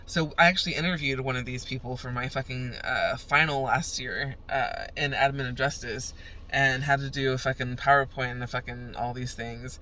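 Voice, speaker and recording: A woman's voice: rumbling low, steady tone, normal speed, pushed and bright, a little hiss or hum. A young woman vlogging in a profane, fired-up rant as she tells a story. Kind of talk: ranting casual vlog.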